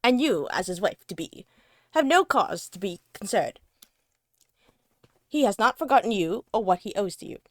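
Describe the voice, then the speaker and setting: A woman's voice: medium pitch, expressive, moderate pace, long pauses, no room sound, clean studio sound, natural voice. A woman reading as a kind old nun. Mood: gentle. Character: kind elderly nun, gentle and devout. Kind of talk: reading aloud in a book club.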